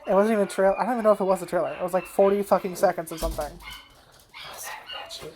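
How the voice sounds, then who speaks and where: A woman's voice: mid-range voice, racing, background noise. A woman talking casually at home in a personal vlog. She rambles, swears a lot and lets her sentences trail off. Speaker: anime vlogger. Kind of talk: casual chat. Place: home, indoors.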